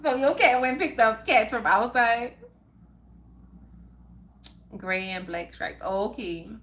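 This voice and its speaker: A woman's voice: a little high, fairly bright tone. A middle-aged woman hosting a live stream, chatting casually and reading viewer comments aloud, laughing often. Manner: chatty, laughs often, drawn-out unhurried delivery. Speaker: livestream host.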